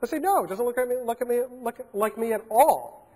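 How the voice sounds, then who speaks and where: A man's voice: very high-pitched, expressive, a little fast, a little mellow. A man giving a keynote talk, telling a story and acting out the dialogue in a large conference hall. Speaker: keynote speaker.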